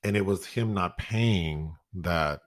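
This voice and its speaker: Low-voiced man chatting about a film. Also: slow, no echo, studio quality. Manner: animated, laughs often, acts out quotes. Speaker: podcast co-host. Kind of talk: casual film review chat.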